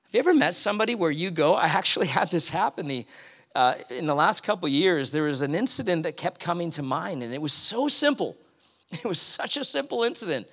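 A man's voice: fairly high pitch, big pitch swings, a little fast, fairly bright tone, breathy edge. A man preaching a sermon in a conversational way, telling a story from his own life and acting out his anger.

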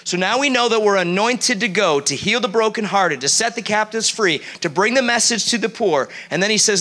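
A male preacher with a high, bright voice that rides up high. He delivers a sermon in a church, animated and throwing questions out to the congregation. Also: a little fast, few pauses. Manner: animated, quizzes the audience.

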